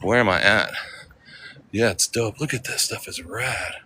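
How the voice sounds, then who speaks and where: Slangy American man with a bright voice. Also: lowish voice, measured pace, a little hiss or hum. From United States. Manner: casual and slangy, chatting with viewers. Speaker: live streamer. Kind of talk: walking live-stream vlog. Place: outdoors on city streets.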